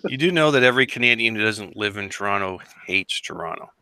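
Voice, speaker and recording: A man's voice: fairly low pitch, lively intonation, fast talker, pushed and bright, no room sound, low-quality recording. A man in a casual group chat who teases the others with dry remarks. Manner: dry, teasing. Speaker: guest.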